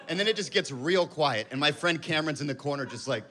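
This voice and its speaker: A man in his thirties, pitched a touch high, doing stand-up in a club. He rambles through his story with self-mocking asides. The live recording carries a clear layer of noise behind him. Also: lively intonation, fast, hardly any pauses, over a noisy crowd. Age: 30s. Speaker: stand-up comedian. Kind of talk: stand-up comedy set. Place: comedy club stage.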